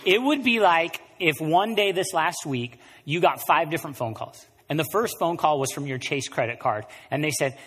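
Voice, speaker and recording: A man preaching a sermon as pastor, animated, swinging between quiet and loud passages. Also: on the high side, normal speed, few pauses, breathy edge. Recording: long reverb of a large room.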